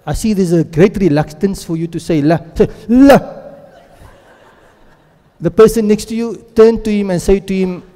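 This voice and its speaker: A man's voice: high voice, fairly even intonation, brisk, hardly any pauses, dark tone. A man teaching a Quran and Arabic grammar class, who keeps asking the class questions and drilling words aloud. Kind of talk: classroom lecture. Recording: long echo of a lecture hall.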